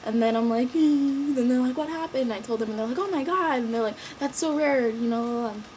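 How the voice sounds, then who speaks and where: Fast-talking young woman vlogger. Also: a little high, slight background noise, low-quality recording. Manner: animated, slangy, acts out quotes in raised voices. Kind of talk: casual storytelling vlog.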